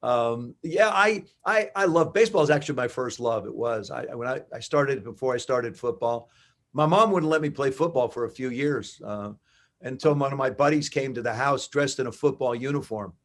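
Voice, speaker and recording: A man in his seventies from New Jersey, a guest in an interview, telling animated stories and acting out dialogue. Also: mid-range voice, normal speed. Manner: animated anecdotes with acted-out dialogue. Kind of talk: conversational storytelling.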